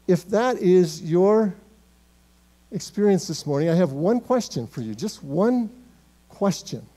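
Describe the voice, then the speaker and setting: A man preaching a sermon as pastor in a church, emphatic and swinging between loud declarations and hushed, quiet words. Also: high-pitched, animated, a little slow. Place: church sanctuary.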